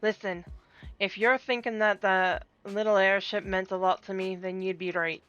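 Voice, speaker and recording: A woman voicing a blunt, gruff male sky pirate captain with a drifting accent, reading game dialogue aloud. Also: medium pitch, level tone, normal speed, a bit bright, close to an everyday voice. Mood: earnest. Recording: dull lo-fi with game music.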